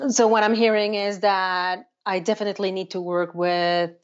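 A woman being coached, answering softly and briefly. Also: medium pitch, level tone, normal speed. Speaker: client. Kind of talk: coaching session. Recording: dull lo-fi sound.

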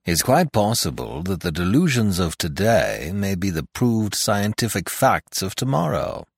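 A man doing a calm, wry old doctor. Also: fairly low pitch, vocal fry, slightly rough, dry recording, studio quality, exaggerated voice. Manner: soothing, unhurried, matter-of-fact.

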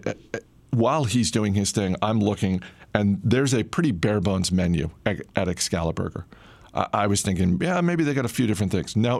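A middle-aged man casually telling a personal story in a relaxed, conversational way, with frequent "uh" fillers. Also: low voice, vocal fry, no echo.

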